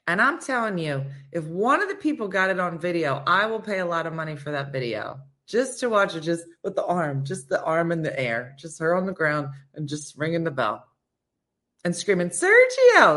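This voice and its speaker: A woman hosting a morning radio show, telling stories in casual chat and acting out the quotes as she goes, often turning to listeners by name. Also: lowish voice. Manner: animated, acts out quotes in voices.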